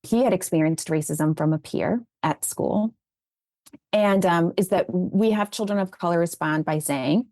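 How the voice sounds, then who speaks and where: In a lowish voice at a moderate pace, a woman interviewed as an educator tells earnest, conversational stories about raising children, growing animated when she retells conversations. The recording is dry and studio quality.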